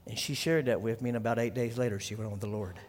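A man preaching a sermon as pastor, telling a story quietly and then building to loud, fervent preaching. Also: lowish voice, steady tone, rapid-fire, big-room sound.

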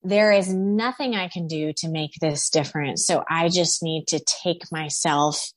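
A woman author and therapist, a guest answering interview questions in a thoughtful, measured way. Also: low-pitched, no echo.

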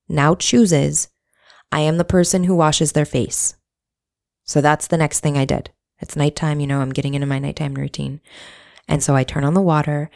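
A woman's voice: sits low, a little mellow. A woman candidly telling a personal story in a reflective, casual monologue, swearing now and then.

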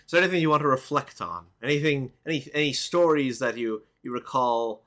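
A man's voice: medium pitch, animated, brisk, fairly bright tone. A man co-hosting a casual political chat, talking in a hesitant, easily amused way. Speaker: co-host.

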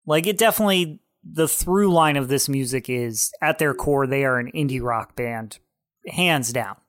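A man's voice: mid-range voice, moderate pace, fairly bright tone, dry recording, clean studio sound. A young man co-hosting a music podcast, giving laid-back, opinionated takes on albums. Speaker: podcast co-host. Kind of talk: casual chat.

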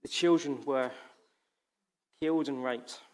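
A man's voice: medium pitch, fairly even intonation, takes it slowly, darkish tone. A man preaching a sermon in an impassioned, emphatic way, repeating phrases for weight.

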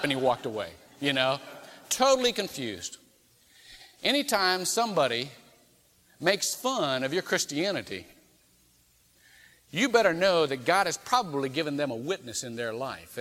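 A man preaching in a church, with a fairly high voice that leaps up and down as he acts out the people in his stories. His sermon rings with a long hall reverb. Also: lively intonation, moderate pace, fairly bright tone. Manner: storytelling preacher who acts out quoted dialogue. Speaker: pastor. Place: church sanctuary.

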